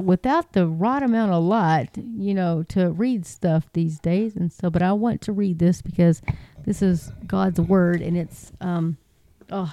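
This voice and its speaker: A middle-aged woman speaks into a handheld mic, chatty and folksy as she reads scripture to her listeners. Her voice is mellow and smooth. The sound is close and dry. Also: lowish voice, no echo. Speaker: online Bible teacher. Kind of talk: casual livestream Bible talk and scripture reading.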